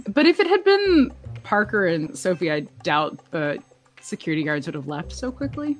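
A woman co-hosting a podcast, chatting casually about a TV episode with frequent laughs and quick asides. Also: low-pitched. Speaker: podcast co-host. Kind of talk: casual chat recapping a TV episode.

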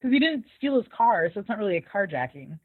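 A woman's voice: mid-range voice, very animated, fast, breathy edge. A woman co-hosting a casual recap chat, talkative and laughing often, acting out quoted lines. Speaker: podcast co-host recapping a TV episode. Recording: tinny phone-like sound.

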